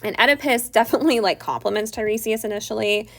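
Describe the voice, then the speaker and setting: A fast-talking woman with a fairly high, fairly bright voice teaches literature by summarizing a play. Her delivery is chatty and full of "like," with the characters paraphrased casually.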